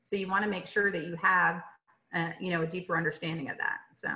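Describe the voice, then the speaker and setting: A woman's voice: fairly low pitch, steady tone, quick pace, sharp tone. Chatty woman lecturing on a webinar call. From Atlanta, Georgia. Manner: conversational, many fillers and tag questions. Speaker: literacy presenter. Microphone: video call. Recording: dull lo-fi webinar audio.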